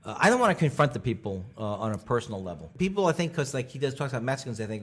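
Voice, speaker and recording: Animated middle-aged male comedian. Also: quick pace, hardly any pauses. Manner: animated, many restarts, bursts into high character voices. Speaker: comedian guest. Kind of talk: storytelling conversation.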